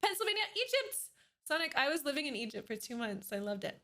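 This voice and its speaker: A woman's voice: sits high, sing-song, fast, bright, forceful tone. A woman streamer chatting casually on a live stream, bubbly and giggly as she greets her chat by name. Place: at home at her computer.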